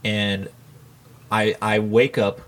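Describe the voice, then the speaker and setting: A man on a casual podcast chat, telling stories in a halting way and restarting his sentences. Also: on the low side, flat delivery.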